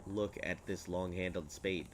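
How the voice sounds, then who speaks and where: Deep-voiced sick man chatting over gameplay. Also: fairly even intonation, unhurried, slight background noise. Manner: rambling, chatty, jokey asides. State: sick, a bit congested. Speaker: gaming streamer. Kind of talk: casual gameplay commentary.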